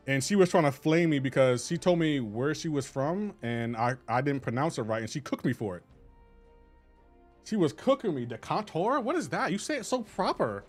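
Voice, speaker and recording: A man's voice: fairly high pitch, a little mellow. A man in his thirties chatting casually with viewers during a live game stream, teasing and laughing often in slangy banter.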